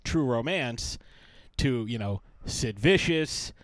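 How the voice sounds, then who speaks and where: A man's voice: medium pitch, lively intonation, slow pace, no echo. Rambling man chatting on a podcast. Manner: rambling, searching for words. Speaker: podcast co-host. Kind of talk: casual chat.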